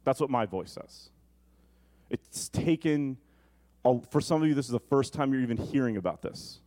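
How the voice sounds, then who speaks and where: A male pastor preaching an earnest, personal sermon in a church, slowing down for emphasis and rushing through asides. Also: mid-range voice, animated, mellow. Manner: earnest and personal, shifting between slow emphasis and quick asides. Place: church sanctuary.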